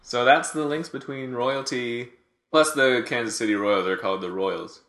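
A man co-hosting a casual comedy chat, telling jokes in a dry, deadpan way. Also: medium pitch, normal speed, roomy sound. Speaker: podcast co-host.

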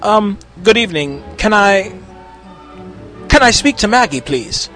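A man's voice: high voice, animated, a little slow, sharp tone, soft background music, pitched above the performer's own voice, heavily acted. A man doing a stammering, polite coworker. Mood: nervous. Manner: stammering, careful. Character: polite, hesitant young male co-worker.

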